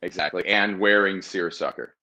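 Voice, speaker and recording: Dry, jokey man with a low voice. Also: normal speed, bright, forceful tone. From American South. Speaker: comedian guest. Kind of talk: casual video-call interview.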